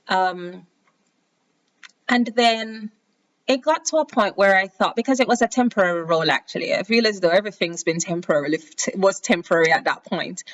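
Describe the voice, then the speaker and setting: Woman, podcast host, personal story, reflective, restarts sentences, mid pitch. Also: a bit bright. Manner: reflective, with frequent restarts and quoted inner thoughts.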